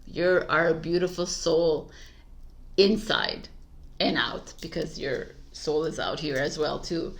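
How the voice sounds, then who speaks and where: A woman's voice: deep voice, takes it slowly, vocal fry, a little hiss or hum. A woman giving a casual tarot reading, chatty and emphatic, laughing often. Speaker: tarot reader.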